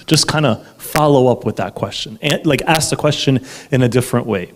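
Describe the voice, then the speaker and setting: A man's voice: medium pitch, moderate pace, noisy background. A man, a marriage counselor, giving a live talk to an audience, emphatic and often asking the listeners if they follow. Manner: animated, emphatic, asks the audience for agreement.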